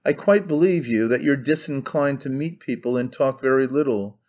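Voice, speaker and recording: A man's voice: mid-range voice, normal speed, a little mellow, dull audio, close to an everyday voice. A man voicing a skeptical young man who questions his companion in a dry, probing manner. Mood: questioning. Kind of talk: audiobook character reading.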